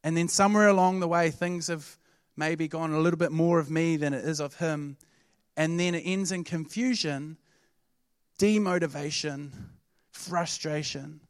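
A man gives a conversational, animated sermon to his church. His voice sits high for a man, and the sound is dry and close, with no room around it. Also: moderate pace, clear, resonant tone, no room sound. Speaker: pastor.

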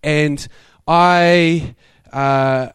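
A young man preaching a sermon, telling stories in a lively way and laughing often. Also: fairly high pitch, very slow, clear, resonant tone, dry recording. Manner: animated, laughing storyteller. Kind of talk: sermon storytelling.

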